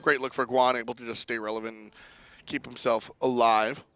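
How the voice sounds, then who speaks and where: A man giving color commentary on a competitive game, breaking down plays and laughing along with his co-caster. His voice is bright at a middle pitch, with faint noise in the background. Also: level tone, fairly quick, clean tone. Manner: analytical, laughs easily. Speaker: esports caster.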